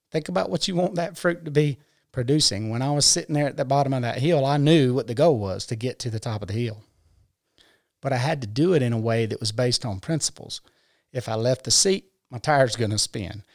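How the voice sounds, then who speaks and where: A man's voice: mid-range voice, moderate pace, vocal fry, no room sound, clean studio sound. A man talking in a casual conversation, explaining his ideas earnestly, step by step, with everyday examples. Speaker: podcast guest. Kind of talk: casual conversation about personal growth.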